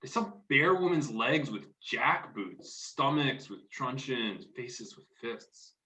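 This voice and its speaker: A man playing a rough, swearing young football fan in a staged play reading, telling of street fights. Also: mid-range voice, takes it slowly. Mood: shaken. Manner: rough, profane, excited storytelling. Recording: roomy echo.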